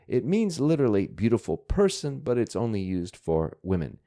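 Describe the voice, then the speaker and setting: A man's voice: fairly low pitch, big pitch swings, moderate pace, mellow. A man teaching language, patiently breaking down words and grammar in a methodical way. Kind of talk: explaining vocabulary.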